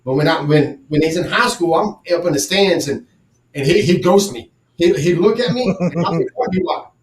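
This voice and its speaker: Casual sports podcast co-host, man, blunt and profane, slightly high voice, echoey room. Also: normal speed, a crowd in the background. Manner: profane, blunt, animated storytelling. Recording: roomy echo.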